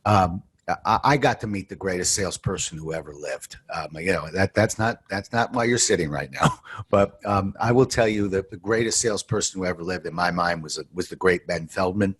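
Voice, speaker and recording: A sales trainer answers interview questions as an animated storyteller, swinging from low asides to loud, emphatic points. He talks fairly quickly in a slightly rough voice.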